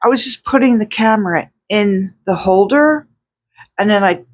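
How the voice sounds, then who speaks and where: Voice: medium pitch, moderate pace, slight background noise. An artist chatting casually to the camera in a home studio on a separate microphone, rambling and restarting sentences with lots of fillers. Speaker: artist vlogger. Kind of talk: casual vlog talk.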